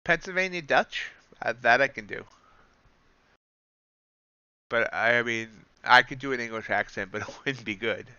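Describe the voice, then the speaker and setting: A young man talks casually as he trades live, tossing jokes to his viewers between market calls. His voice is bright and smooth. The sound is dry and slightly dull. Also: mid-range voice, moderate pace, long pauses, no echo. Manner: chatty, joking asides to chat. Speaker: livestream futures trader.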